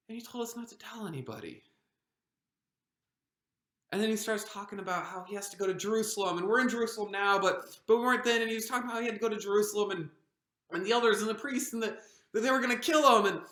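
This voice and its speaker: A woman pastor with a fairly high, sharp voice performs a devotional monologue in the role of a frightened disciple of Jesus. Anxious, she stammers and restarts many times. The recording has a roomy echo.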